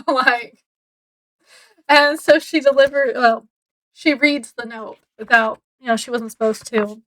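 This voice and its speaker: High-voiced woman chatting about a book. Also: slow pace, fairly bright tone, poor audio. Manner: chatty, laughs often while retelling. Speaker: book reviewer. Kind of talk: casual chat.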